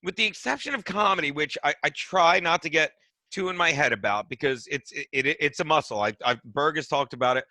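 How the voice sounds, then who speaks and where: A man's voice: fairly high pitch, a little fast, sharp tone, dry recording. A middle-aged man, a comedian guest, rambling through profane stories in casual podcast chat. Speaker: guest comedian and radio host.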